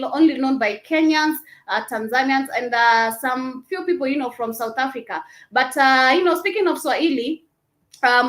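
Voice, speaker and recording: A woman's voice: high-pitched, fairly bright tone, reverberant, poor audio. A woman hosting a casual talk show, rambling along with many uh and you know fillers. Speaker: podcast host. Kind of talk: casual commentary.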